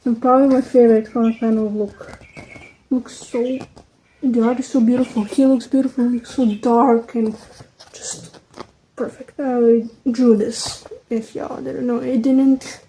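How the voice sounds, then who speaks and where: A woman's voice: a little high, fairly even intonation, slight background noise, poor audio. Chatty young woman, non-native English. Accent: American-leaning English, second language. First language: not English. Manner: chatty, quick, trailing off into soft asides. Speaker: book vlogger. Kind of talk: casual chat.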